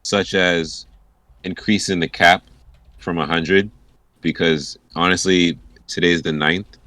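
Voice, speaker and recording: A man's voice: low-pitched, fairly even intonation, slow pace, sharp tone, no room sound. A man co-hosting a podcast, rambling through exasperated complaints. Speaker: podcast co-host. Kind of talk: casual chat.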